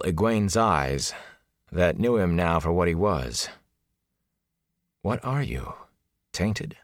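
A man narrating a fantasy audiobook in a steady, measured storytelling voice. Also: low voice, no room sound, clean studio sound.

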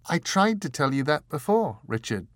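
A man's voice: a little high, big pitch swings, normal speed, no room sound, clean studio sound, pitched above the performer's own voice. A man voicing a small, earnest young woman in an audiobook, raising his voice and speaking sincerely. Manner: light, raised voice, sincere. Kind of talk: audiobook character voice.

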